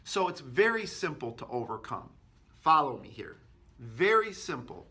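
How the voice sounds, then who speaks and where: Guy doing a sales tip, lively, acts out calls, crisp bright tone. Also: medium pitch, measured pace. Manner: energetic, acts out customer and agent lines. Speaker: sales trainer. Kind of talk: instructional talk to camera.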